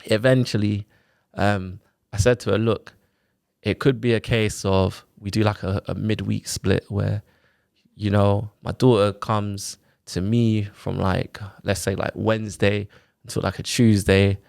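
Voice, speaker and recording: A man talks in a relaxed podcast chat, his voice sitting low. He retells old arguments animatedly, quoting both sides, and leans on fillers like "like" and "innit". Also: unhurried, creaky. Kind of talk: casual chat, personal story.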